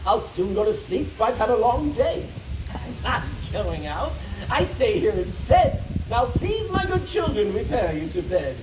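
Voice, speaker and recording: A man voicing a crude, gruff father and husband in bawdy rhymed verse, recorded from afar outdoors. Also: high voice, sing-song, a little slow, reverberant, distant mic, noisy background, voice pushed up.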